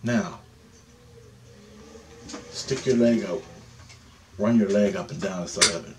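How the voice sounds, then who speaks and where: Low-voiced guy swearing his way through a meditation lesson, pushy, faint hiss behind. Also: takes it slowly. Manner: profane, insistent, repeats "okay?" often; grows louder and more animated as he goes. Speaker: meditation teacher. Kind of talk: guided meditation instruction.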